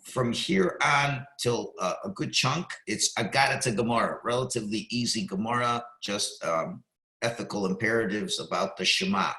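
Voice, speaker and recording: A man teaching a Talmud class, explaining each phrase and pausing to read Hebrew words slowly and carefully. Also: fairly low pitch, bright, forceful tone. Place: synagogue class room. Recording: echoey room.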